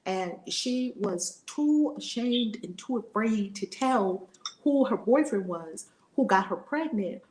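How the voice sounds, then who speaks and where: Animated woman teacher in echoey room. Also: mid-range voice. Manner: animated, conversational. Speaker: spiritual teacher. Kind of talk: storytelling lesson.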